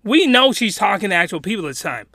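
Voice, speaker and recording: A man excitedly recapping a story in casual chat, laughing and rambling with many restarts. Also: high-pitched, fast, no room sound, clean studio sound. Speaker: video commentator.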